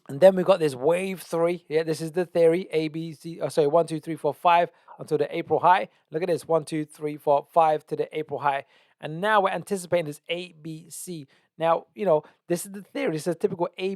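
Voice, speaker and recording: A man's voice: fairly high pitch, a little mellow, no echo. A man with a slightly raised voice runs through market charts as host of his own channel. He talks eagerly and with emphasis, often doubling back and repeating phrases. The sound is dry, with no room around it. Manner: enthusiastic, emphatic, repeats himself and restarts often. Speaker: trading analyst and channel host. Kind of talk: casual market analysis over charts.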